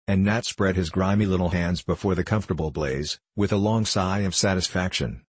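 A man reading a classic children's story aloud in a steady, measured way. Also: deep voice, slightly rough, dry recording. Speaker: narrator. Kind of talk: audiobook narration.

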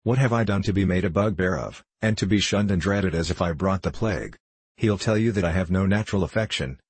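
A man's voice: low voice, slightly rough, no room sound. A man reading an audiobook, voicing a bitter, scornful young man who speaks defiantly.

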